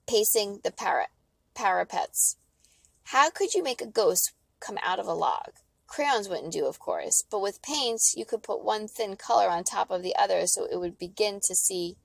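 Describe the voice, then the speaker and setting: A woman reading a children's novel aloud, giving the characters lively voices. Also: medium pitch, gravelly, no echo. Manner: expressive, lively dialogue voices. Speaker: audiobook reader. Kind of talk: storybook read-aloud.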